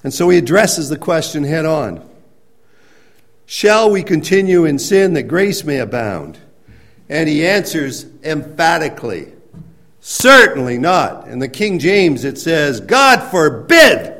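A man preaching a sermon, explaining scripture in a conversational way and rising to emphatic, near-shouted points. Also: a little high, expressive, unhurried. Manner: conversational with restarts and everyday examples. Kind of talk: sermon teaching.

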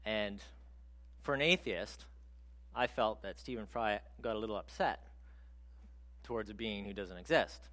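A man preaching a sermon in a conversational, animated storytelling way. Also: fairly low pitch, a little slow, pauses often.

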